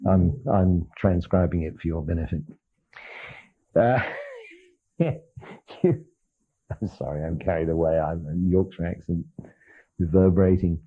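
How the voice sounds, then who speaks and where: A man's voice: sits low, unhurried, pauses often, husky. Older male lecturer on a lo-fi archival tape. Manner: animated, acts out dialogue, laughs often. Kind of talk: lecture with storytelling.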